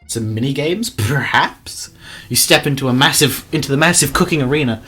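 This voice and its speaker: A man's voice: mid-range voice, normal speed, soft background music. A man playing a dating game, reading its narration aloud and joking about the voices he puts on. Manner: animated, jokey, jumps between voices. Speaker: streamer.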